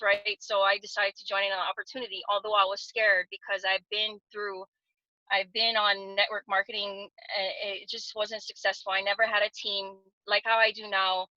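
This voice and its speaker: A woman's voice: mid-range voice, level tone, normal speed, bright, forceful tone, dry recording. A woman in her thirties from Hawaii telling her story in a casual, earnest way with lots of fillers on a video call. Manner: earnest, many fillers and restarts. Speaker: guest giving a testimonial on a video call. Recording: dull lo-fi call audio.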